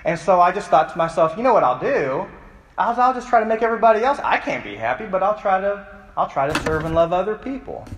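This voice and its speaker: A man's voice: high voice, very animated, fast, fairly bright tone, echoey room, in a large hall, poor audio. A man preaching a youth sermon as the youth pastor, telling stories in a conversational way and asking the audience questions. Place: church hall.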